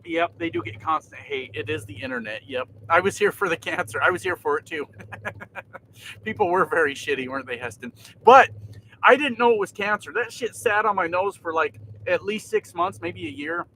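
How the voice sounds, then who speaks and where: Bright-voiced swearing trucker man. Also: on the high side, normal speed, slight background noise, low-quality recording. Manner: laid-back, swears often, laughs a lot. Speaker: trucker vlogger. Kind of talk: casual livestream chat. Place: inside a truck cab.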